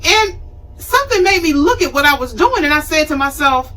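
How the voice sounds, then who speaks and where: A woman in her fifties hosting a talk show, telling a personal story in an animated, conversational way and acting out scenes. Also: high voice, a little fast, distant mic, poor audio. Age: 50s. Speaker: show host.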